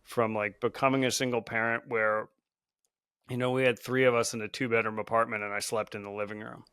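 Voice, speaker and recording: A man as a podcast guest, speaking in an earnest and reflective way. His voice is bright and smooth, and it sits slightly low. The sound is dry and close. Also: flat delivery, a little fast, no room sound. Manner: earnest, reflective, often hedging with "like". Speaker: podcast guest, founder of a support group. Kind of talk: casual podcast conversation.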